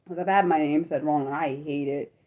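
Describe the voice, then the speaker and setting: A young adult woman chatting casually on her livestream, apologetic and self-deprecating, swearing a lot and swinging from high laughing squeals to low mutters. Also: fairly even intonation, brisk, narrow, tinny audio. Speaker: livestream host. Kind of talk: unscripted livestream chat with viewers.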